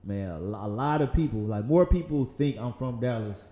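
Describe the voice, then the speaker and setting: A man's voice: mid-range voice, normal speed. Laid-back Southern man in roomy studio. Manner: relaxed, rambling, laughs often, says man a lot. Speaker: magazine founder, podcast guest. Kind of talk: casual interview conversation. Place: podcast studio.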